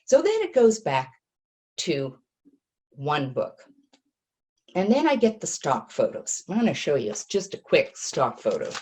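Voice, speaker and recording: Low-pitched woman, lively swooping delivery, chatty self-deprecating author telling her story. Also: a little slow, pauses often. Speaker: author giving a talk. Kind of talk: casual storytelling talk.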